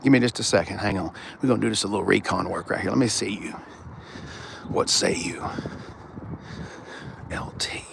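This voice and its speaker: A man's voice: lowish voice, racing, gravelly, hardly any pauses, noisy background. A man hosting a casual live car walkaround on a sunny outdoor dealership lot, rowdy and joking, swearing freely.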